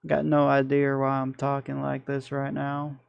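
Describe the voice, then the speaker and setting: A man's voice: mid-range voice, completely flat delivery, normal speed, gravelly, clear, resonant tone, dry recording, highs cut off. A man with a Michigan accent, streaming and chatting casually through his gameplay in a rambling, self-deprecating way.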